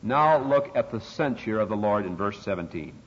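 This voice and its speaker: A man's voice: fairly low pitch, lively intonation, normal speed. An older man preaching an expository sermon, stressing key words and rising sharply for emphasis. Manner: emphatic, dramatic rises on scripture quotes. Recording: dull, lo-fi, long reverb in a hall.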